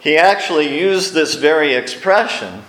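A man's voice: on the high side, lively intonation, normal speed, fairly bright tone, echoey room. A male pastor preaching a sermon, telling stories and acting out the quoted lines. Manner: storytelling, acts out quotes with raised voice. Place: church sanctuary.

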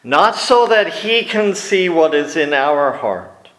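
Slow wry preacher guy, kinda high voice, echoey church sound. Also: sing-song. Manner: storytelling, wry, drops to quiet asides. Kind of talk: sermon with personal anecdotes. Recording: echoey room.

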